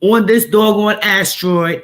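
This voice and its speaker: A middle-aged woman with a New York accent, hosting a casual live-stream chat in an animated, repetitive, streetwise way. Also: medium pitch, a little slow. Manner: animated, repeats herself, streetwise phrasing.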